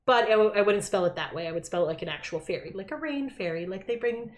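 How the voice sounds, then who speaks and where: A woman's voice: medium pitch, animated, quick pace, reverberant. A woman in her thirties co-hosting a podcast, chatting casually and rambling through stories while laughing. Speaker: podcast co-host. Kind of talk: casual chat.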